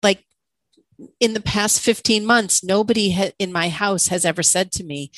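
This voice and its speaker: A woman's voice: mid-range voice, normal speed, fairly bright tone, dry recording, low-quality recording. A woman co-hosting a podcast, a coach, talking candidly and questioning herself, with frequent laughter. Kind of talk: reflective conversational podcast talk.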